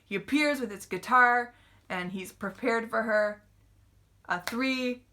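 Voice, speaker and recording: A woman's voice: a little high, takes it slowly, pushed and bright. A woman giving a casual, chatty book review, retelling the plot with lots of "like" and fillers.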